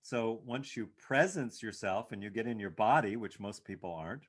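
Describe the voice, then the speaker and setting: A man, a meditation teacher hosting the talk, speaking in an animated and emphatic way and laughing now and then at his own remarks. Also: fairly low pitch, moderate pace. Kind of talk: reflective conversational talk.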